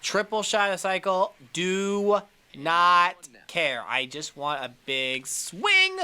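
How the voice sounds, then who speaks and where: A man commentating his own baseball video game play, chatty and quick to shout when a big hit lands. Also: high-pitched, smooth. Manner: excitable, shouts at big plays. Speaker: gaming commentator.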